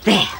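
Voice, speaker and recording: A woman presenting and narrating a gentle, expressive children's story. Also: background noise.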